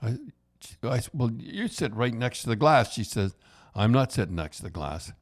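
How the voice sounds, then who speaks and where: A man's voice: medium pitch, sing-song, normal speed. An older man with a Canadian accent, hosting a podcast and telling hockey stories in a rambling way, restarting often and tagging lines with "eh". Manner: rambling, repeats and restarts, says "eh". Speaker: podcast host. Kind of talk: casual hockey storytelling.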